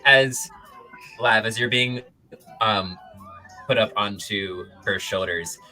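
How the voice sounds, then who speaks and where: A woman narrating a tabletop game as game master, lively and descriptive. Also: rumbling low, takes it slowly, faint music behind, poor audio. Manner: lively, descriptive, hesitant fillers.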